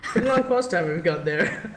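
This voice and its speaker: A man's voice: sits high, animated, fairly quick, noisy background. A young man with an Indian accent casting an esports match in a loose, joking way, swearing freely. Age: young adult. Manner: jokey, swears freely, laughs often. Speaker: esports caster. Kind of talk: casual esports commentary. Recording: echoey room.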